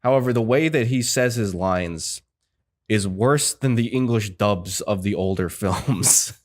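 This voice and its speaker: A man's voice: lowish voice, measured pace. A man hosting a casual film podcast, talking in a rambling way with lots of fillers and restarts. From United States. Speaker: podcast host.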